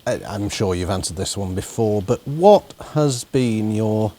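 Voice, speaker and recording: A man hosting a folk music interview, asking questions in a chatty, halting way. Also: lowish voice, animated, dark tone. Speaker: host. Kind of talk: interview chat.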